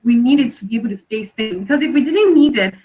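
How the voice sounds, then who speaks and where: A woman's voice: fairly high pitch, animated, fast talker, mellow, muffled recording. A woman guest on a video call, speaking directly and emphatically. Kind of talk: casual interview talk.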